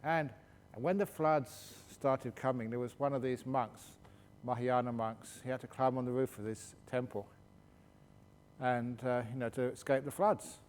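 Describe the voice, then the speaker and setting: Meditation teacher guy, mid pitch, telling funny stories at a retreat, lots of hall reverb. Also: moderate pace, a little hiss or hum. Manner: jokey, animated storytelling. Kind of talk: retreat Q&A talk.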